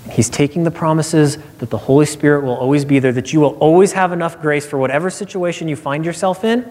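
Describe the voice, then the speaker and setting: A man preaching a sermon, earnest and expressive, acting out quotes as he tells a personal story. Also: on the high side. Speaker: pastor. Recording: long hall reverb.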